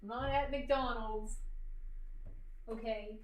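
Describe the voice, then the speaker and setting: A woman's voice: a little high, steady tone, takes it slowly, rough recording. A woman chats casually on a live stream as she cooks at home in her kitchen. She is blunt and cusses freely, breaking off to give her dog curt little orders. Faint ambient noise sits underneath her voice. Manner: blunt and profane, with clipped commands to her dog. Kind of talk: casual live-stream chat while cooking.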